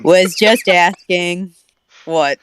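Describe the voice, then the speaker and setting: A woman's voice: fairly low pitch, a little hiss or hum. A young woman co-hosting a casual podcast, reading a story aloud and joking about it. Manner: joking, quick to interrupt the story. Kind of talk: casual chat.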